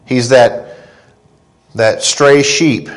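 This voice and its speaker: A man in his thirties preaching a sermon, earnest and deliberate, rising in pitch when he quotes scripture. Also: poor audio. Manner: slow, earnest preaching with emphatic rises on quotes. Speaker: pastor.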